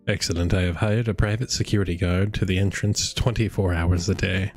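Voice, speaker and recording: A man voicing a smooth, sinister male friar over game music. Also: sits low, steady tone, a little fast.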